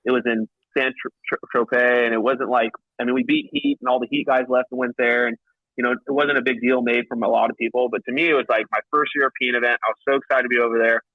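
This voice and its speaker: A man who plays paintball professionally, a podcast guest telling stories in a casual, animated way, full of restarts and acted-out quotes. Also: quick pace, no echo, phone-quality sound. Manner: animated, acts out quotes with pitch jumps and frequent restarts. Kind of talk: casual storytelling chat. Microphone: remote call line.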